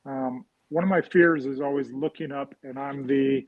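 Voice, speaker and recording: A man's voice: mid-range voice, steady tone, normal speed, no room sound, phone-quality sound. A man talking casually as an interview guest, rambling and often adding "right?" after his points. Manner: rambling, frequent "right?" tags and fillers. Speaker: guest real estate investor.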